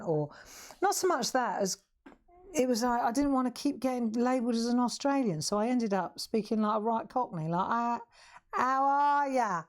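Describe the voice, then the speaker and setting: A woman's voice: fairly high pitch, darkish tone. A middle-aged woman with a Southern English accent, hosting a live craft demonstration in a chatty, self-mocking way and laughing often. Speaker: craft show host. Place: craft room.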